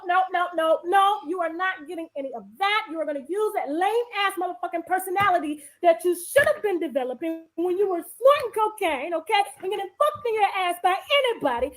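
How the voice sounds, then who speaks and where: High-pitched woman streamer, cursing and confrontational, ranting live. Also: expressive, fairly quick, hardly any pauses. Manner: combative, cursing, repeating phrases for emphasis. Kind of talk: angry profane rant on a live stream.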